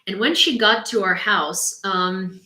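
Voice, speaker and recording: A young Ukrainian woman hosting a casual live stream, chatty and quick to laugh. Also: medium pitch, sharp tone, roomy sound, rough recording. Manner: chatty, laughs often, talks to her dog. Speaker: host of a live news stream. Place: home room.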